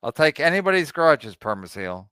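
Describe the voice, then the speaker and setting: A man's voice: a little high, big pitch swings, normal speed, sharp tone, smooth, no room sound, clean studio sound. A man heckling and contradicting with short mocking interjections while reacting to a clip. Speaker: podcast co-host.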